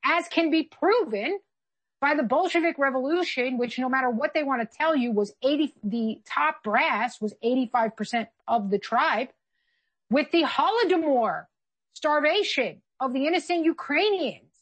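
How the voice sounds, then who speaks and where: A woman's voice: high voice, lively intonation, normal speed, breathy edge. A woman co-hosting a political commentary chat, talking in an emphatic, argumentative way. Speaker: co-host.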